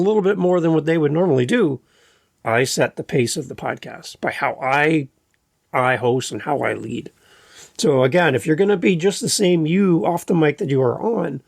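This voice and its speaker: A man hosting a podcast, talking in a relaxed, unhurried, conversational way. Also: on the high side, gravelly, no room sound, studio quality. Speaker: podcast host. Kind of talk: casual chat. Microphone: podcast microphone.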